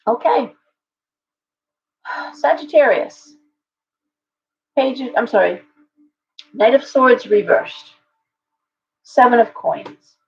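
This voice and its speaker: A woman's voice: fairly high pitch, lively intonation, very slow, creaky, long pauses, a little mellow. A woman hosting a casual live-stream tarot reading. She talks it through aloud with chatty restarts and greets viewers by name. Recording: dull lo-fi stream audio.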